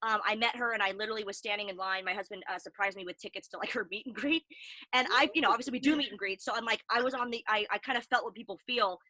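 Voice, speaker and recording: A young adult woman co-hosting a casual talk show, telling stories in an animated, chatty way. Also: medium pitch, very fast, no room sound. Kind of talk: casual chat.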